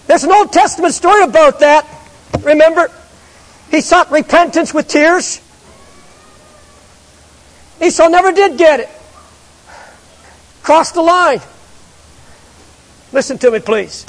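A man's voice: extremely high pitch, takes it slowly, pauses often. A man preaching a fervent, pleading sermon, repeating himself as he presses his point. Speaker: pastor. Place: large church with balcony. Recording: reverberant church sanctuary.

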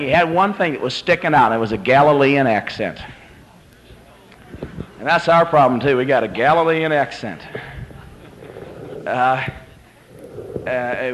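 A male preacher giving a sermon at a convention, retelling a story dramatically and swinging from hushed to climactic. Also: a little high, poor audio.

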